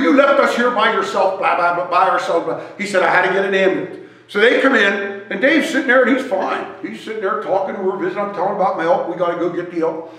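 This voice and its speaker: Animated storytelling man in an echoey church. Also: high voice. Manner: animated, joking storyteller who wanders while talking. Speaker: guest speaker at a church service. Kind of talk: storytelling sermon. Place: church sanctuary.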